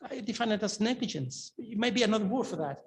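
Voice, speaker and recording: Middle-aged Spanish-accented man lecturing, husky voice, acts out both sides of the talks. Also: sits high, quick pace. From Spain. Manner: animated storytelling with quoted dialogue. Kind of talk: academic lecture.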